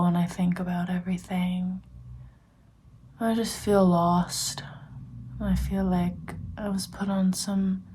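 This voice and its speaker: A woman in her early twenties, a student vlogger, rambling in a chatty, confiding way and often dropping to a soft near-whisper. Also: fairly low pitch, slight background noise. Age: early 20s. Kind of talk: casual rambling vlog chat.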